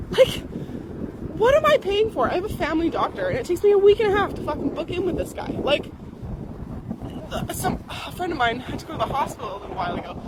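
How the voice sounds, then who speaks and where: A young woman ranting angrily and profanely, with sarcastic mock voices, recorded in a moving vehicle. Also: extremely high pitch. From Canada. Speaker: ranting vlogger. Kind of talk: angry profane rant. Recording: loud wind and vehicle noise behind.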